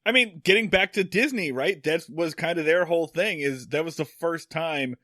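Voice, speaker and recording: A man's voice: fairly high pitch, normal speed, sharp tone, no room sound, clean studio sound. A man co-hosting a podcast in casual chat, wry and joking, full of fillers. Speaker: podcast co-host.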